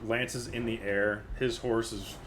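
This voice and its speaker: A man narrating a tabletop game as game master, slow and unhurried, with many fillers. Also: fairly low pitch, little pitch movement, background noise.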